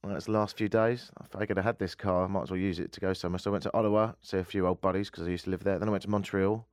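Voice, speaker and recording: A man's voice: low voice, fairly even intonation, rapid-fire, a little mellow, clear, resonant tone, no room sound. A man from the United Kingdom hosting a casual radio chat show, full of wry, self-mocking sarcastic asides, recorded in a studio. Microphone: studio microphone.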